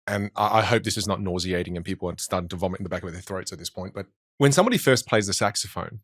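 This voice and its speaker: A man's voice: sits low, racing, a bit bright, dry recording, studio quality. A man who works as a communication coach, talking in a podcast conversation and animatedly acting out the voices he quotes.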